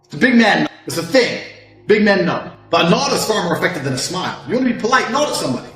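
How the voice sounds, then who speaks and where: A man's voice: big pitch swings, fast talker. Brash, swearing man in an echoey room. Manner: boastful, swings from loud outbursts to low mutters. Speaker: self-improvement speaker. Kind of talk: brash profane monologue. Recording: echoey room with faint music.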